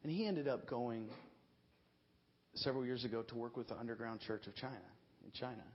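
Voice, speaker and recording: A middle-aged man preaching a sermon as an animated storyteller, bursting into shouts and laughter. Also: medium pitch, fairly quick. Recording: dull lo-fi recording.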